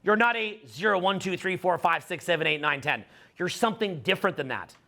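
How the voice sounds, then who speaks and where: Middle-aged man addressing a live audience, emphatic and repetitive, with a high, bright voice. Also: animated, fairly quick. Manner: emphatic, repeats phrases, many fillers. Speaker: dating coach speaking to a live audience. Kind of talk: animated seminar talk.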